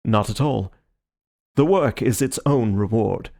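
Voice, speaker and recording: A man voicing a calm, theatrical gentleman detective with a measured, courteous manner, in an audiobook reading. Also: on the low side, creaky.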